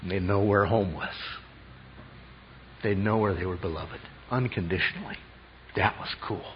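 A man's voice: sits low, moderate pace, slight background noise. A man preaching an expository sermon as a pastor, teacherly, often checking in with rhetorical questions. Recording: dull lo-fi sound.

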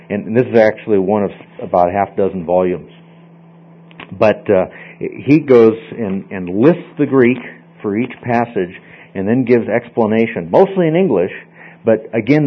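A man teaching a Bible study class in a casual, rambling way, often repeating and restarting words. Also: lowish voice. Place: small class room, group in a circle. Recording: dull lo-fi classroom recording.

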